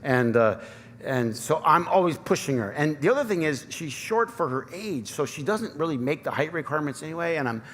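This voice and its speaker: A man's voice: on the high side, very animated, fairly quick, fairly bright tone. A man in his thirties preaching a conversational, self-deprecating sermon with personal stories, in a Michigan accent. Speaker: pastor. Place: church sanctuary. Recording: long church reverb, faint ambience.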